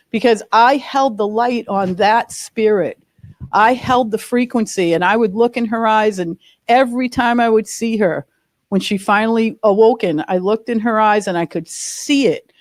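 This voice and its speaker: A woman's voice: fairly high pitch, no echo. A woman sharing a personal story in a spiritual group, emphatic and earnest. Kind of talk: personal testimony.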